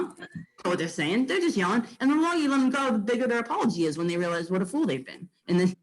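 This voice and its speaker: Brief: mid-pitched, animated agent, blunt and casual, lots of fillers. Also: quick pace, a little hiss or hum, rough recording. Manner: blunt and animated, with frequent fillers and mild swearing. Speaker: real estate agent. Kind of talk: casual training talk to fellow agents.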